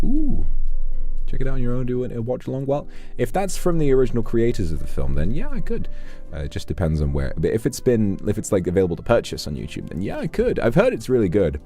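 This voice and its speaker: A man's voice: on the low side, warm tone. A man streaming live, reading out viewer donations and chatting with them in a playful, teasing, affectionate way. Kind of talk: casual livestream chat.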